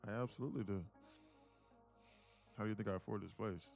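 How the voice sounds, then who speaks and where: A man from with a gravelly voice, boasting about his trading and bantering with viewers on a live stream from his home apartment. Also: on the low side, fast, darkish tone, soft background music. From Atlanta, USA. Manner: boastful, teasing banter with chat. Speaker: day trader streamer.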